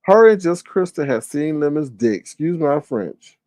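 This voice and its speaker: A man hosting casual gossip commentary, talking in an animated, incredulous way and swearing freely. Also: fairly high pitch, moderate pace, no echo. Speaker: commentary channel host.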